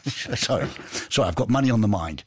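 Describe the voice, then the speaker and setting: A man's voice: fairly low pitch, lively intonation, fairly quick, darkish tone, husky, no room sound, studio quality. A man hosting a casual radio show, chatty and jokey, reading out messages and poking fun at himself. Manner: jokey, chatty, self-mocking. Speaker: radio host.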